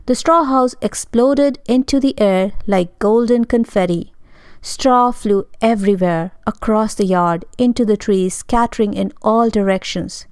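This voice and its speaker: Clear, expressive woman storyteller. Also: a little high, no room sound. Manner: expressive, dramatic. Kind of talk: scripted storybook narration.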